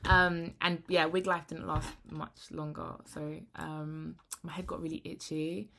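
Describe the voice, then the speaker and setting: A young woman talks straight to camera in a frank, rambling vlog. Her voice sits low yet sounds bright and forceful. She swings between animated bursts and hushed asides. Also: unhurried, vocal fry. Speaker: vlogger. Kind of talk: candid talking-to-camera vlog.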